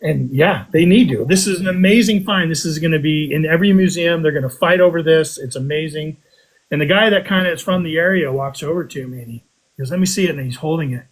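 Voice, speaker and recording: A man casually telling a story on a podcast, animated, with his voice jumping up high when he quotes himself. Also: fast, poor audio. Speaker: podcast guest telling a metal detecting story.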